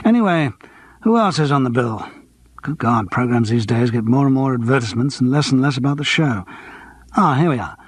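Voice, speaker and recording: A man's voice: mid-range voice, animated, brisk, slightly rough, dry recording. A man voicing a theatrical middle-aged stage actor with a grandiose, self-mocking manner. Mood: mock-pompous.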